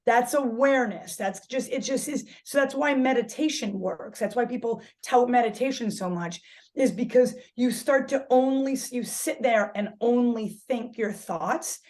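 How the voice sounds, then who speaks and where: A woman yoga instructor talking candidly as a podcast guest, animated, swearing freely and restarting her sentences as she searches for words. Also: a little high, moderate pace. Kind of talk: casual podcast conversation.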